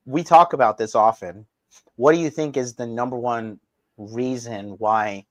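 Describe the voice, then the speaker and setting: A man hosting a live stream, ranting crudely and mockingly, his voice swinging from loud outbursts to low mutters. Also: dry recording. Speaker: livestream host. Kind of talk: crude provocative livestream rant.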